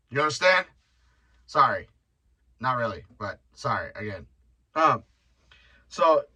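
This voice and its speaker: A man's voice: mid-range voice, pushed and bright, poor audio. A young man hosting his own podcast, telling rambling stories in a loose, profane, joking way. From Mexican heritage. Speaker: podcast host. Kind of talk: casual solo podcast rant.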